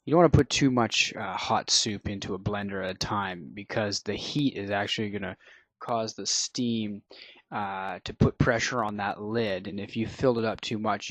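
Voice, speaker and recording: A man hosting a cooking show, explaining each step in a relaxed way with frequent fillers. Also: on the low side, dry recording. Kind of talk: cooking demonstration.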